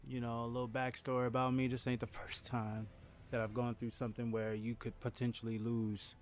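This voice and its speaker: Speaking a little fast in a mid-range voice, a rambling game streamer from New Orleans, Louisiana, holds a casual livestream chat. He stumbles into repeated and restarted words and laughs his way through animated storytelling.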